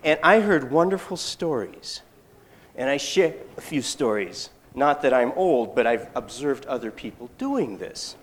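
A storyteller telling a folktale live, folksy and animated with rambling asides. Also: medium pitch, a little slow.

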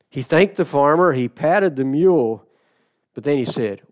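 A middle-aged man preaching a sermon, telling a story with sudden shifts between loud and soft and slow, stressed phrases. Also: mid-range voice, lively intonation. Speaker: pastor.

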